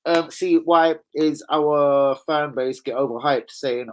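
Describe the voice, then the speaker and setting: A man's voice: on the high side, slow pace. A man ranting angrily on a live stream as a football fan streamer, swearing heavily and getting worked up. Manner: angry, profane, heated.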